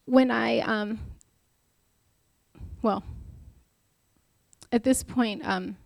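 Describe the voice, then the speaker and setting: A woman's voice: on the high side, fairly even intonation, extremely slow, creaky, dry recording. Chatty woman giving a devotional talk. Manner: chatty and self-deprecating, acts out quotes. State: married. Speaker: Bible study speaker.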